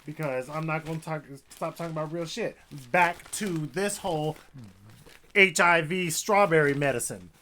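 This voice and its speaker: A man's voice: a little high, normal speed, pushed and bright. A man vlogging a heated commentary rant, talking in a profane, conversational way. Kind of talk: ranting commentary vlog. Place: Seattle, Washington.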